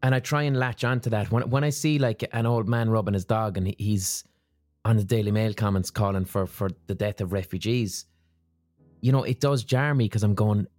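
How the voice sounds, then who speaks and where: A man's voice: fairly low pitch, steady tone, moderate pace, darkish tone, dry recording. A man hosting a podcast interview, engaged and asking probing questions. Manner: engaged, asks probing questions, agrees often. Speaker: podcast host. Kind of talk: casual interview chat.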